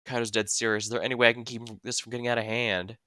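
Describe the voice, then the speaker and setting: A man's voice: mid-range voice, little pitch movement, very fast. A man streaming a game, reading its dialogue aloud and musing about the story as he plays. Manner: reads game dialogue aloud, thinks out loud. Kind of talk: live game playthrough commentary. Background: game music.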